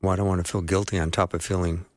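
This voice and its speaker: A male radio host asking brisk, probing questions in an interview. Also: deep voice, level tone, no room sound, studio quality.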